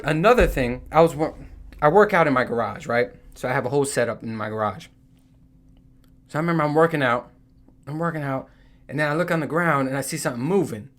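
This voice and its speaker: A man's voice: medium pitch, fairly bright tone. A man from New Jersey telling rambling, profane stories in a casual vlog, full of fillers like "you know" and "right?". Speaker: vlogger.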